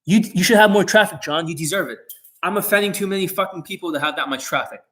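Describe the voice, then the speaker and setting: A man's voice: high voice, fast, a bit bright. A man who coaches dating, talking to camera in a blunt, boastful monologue full of swearing.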